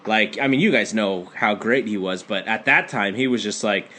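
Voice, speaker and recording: Bright-voiced man telling a rambling story. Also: lowish voice, normal speed, a little hiss or hum. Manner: rambling storyteller with many restarts. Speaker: podcast co-host. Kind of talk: casual chat.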